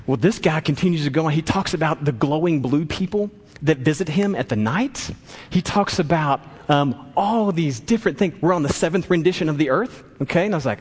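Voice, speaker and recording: A man's voice: a little high, lively intonation, fast talker, a little mellow, breathy edge. Pastor, male, storytelling sermon, voices the people in his anecdote, long hall reverb. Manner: storytelling, acts out voices in quotes.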